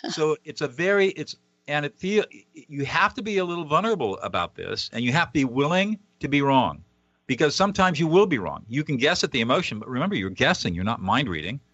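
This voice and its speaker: A man's voice: fairly high pitch, very animated, brisk, a bit bright, dry recording, lo-fi sound. A man, a guest author on a radio interview, explaining a method earnestly and at times acting out example dialogue.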